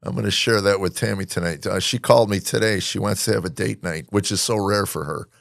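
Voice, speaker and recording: A man with a deep, gravelly voice chats as a podcast host. He talks in halting bursts full of fillers and restarts. The sound is close and dry, with no room around it. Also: fairly bright tone, dry recording. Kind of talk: casual chat.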